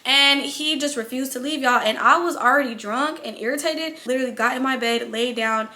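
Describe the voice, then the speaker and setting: A high-pitched woman with a bright, sharp voice tells a storytime tale. She is animated and blunt, and she cusses as she talks. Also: brisk. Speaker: vlogger. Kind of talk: storytime narration.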